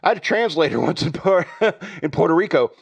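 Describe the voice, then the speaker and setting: Man, podcast host, sarcastic rambling rant, slightly high-pitched. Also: expressive, quick pace, vocal fry, slightly rough. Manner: rambling, sarcastic, laughs at own jokes. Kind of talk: opinionated comedic rant.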